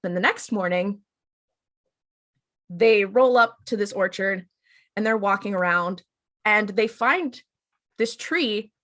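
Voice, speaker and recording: A woman's voice: medium pitch, fairly bright tone. Chatty woman recapping an episode. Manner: chatty, acts out characters in quick paraphrase. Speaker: podcast co-host.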